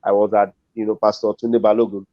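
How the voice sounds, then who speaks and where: A man's voice: on the low side, level tone, a little fast, no echo. A middle-aged Nigerian man, a comedian and compere, telling a story as an interview guest and acting out the voices of the people in it. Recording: dull dry lo-fi audio.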